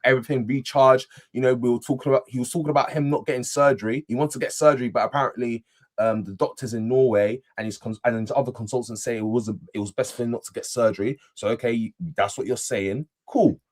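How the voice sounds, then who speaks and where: A man's voice: mid-range voice, fast. A young man, chatting animatedly as a panelist on a football fan show, repeating phrases as he talks. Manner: animated, repeats himself, self-deprecating. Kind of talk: casual football fan chat.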